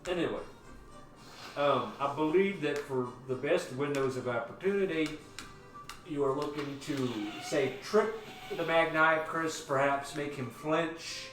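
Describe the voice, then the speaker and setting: A game master voicing a greedy, smug company boss in a tabletop game, with a put-on drawl and a folksy, bossy, teasing manner. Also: male voice, a little high, measured pace, a bit bright. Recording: roomy and distant, music behind.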